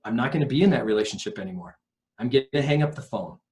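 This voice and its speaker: A man's voice: medium pitch, animated, quick pace, a little mellow. A man, a recovery coach guest on a podcast, explaining earnestly and emphatically, acting out quoted lines.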